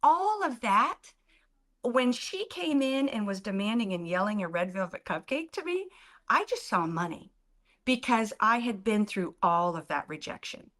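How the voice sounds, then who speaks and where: A woman telling stories as a guest in an interview, animated and acting out the people in them. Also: mid-range voice, measured pace. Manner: animated, acts out other people's voices. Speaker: guest, business founder. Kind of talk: storytelling in an interview.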